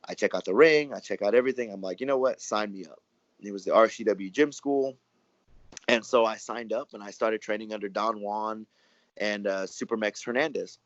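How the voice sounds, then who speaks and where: A man, a wrestler telling stories in a relaxed interview, rambling and acting out what others said. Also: lowish voice, brisk, dry recording. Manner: rambling, animated, acts out quoted dialogue. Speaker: professional wrestler and guest. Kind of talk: casual storytelling interview. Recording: dry, muffled lo-fi audio.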